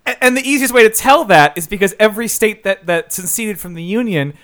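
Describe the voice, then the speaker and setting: A man's voice: sits high, animated, brisk, fairly bright tone. A man co-hosting a casual movie review podcast, ranting emphatically and laughing often. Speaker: podcast co-host.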